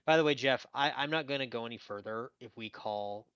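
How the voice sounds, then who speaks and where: A man's voice: medium pitch, fairly quick, a bit bright, clean tone, dry recording. A man co-hosting a casual film podcast, talking in an emphatic, opinionated way. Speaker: podcast co-host. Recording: dull dry lo-fi mic.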